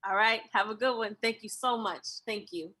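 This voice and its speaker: Bright, effusive woman hosting an open mic. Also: fairly high pitch, husky. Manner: effusive, thankful, quick to laugh. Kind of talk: closing remarks at a live-streamed open mic.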